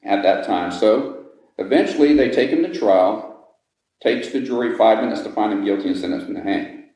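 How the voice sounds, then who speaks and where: A man with a low, mellow voice tells a ghost story to visitors, dramatically pacing and lingering on the grisly parts. He is inside an old jail, and the hard rooms give his voice a strong, booming echo. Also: animated, moderate pace. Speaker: ghost story teller and guide. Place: old jail building, indoors. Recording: echoey room.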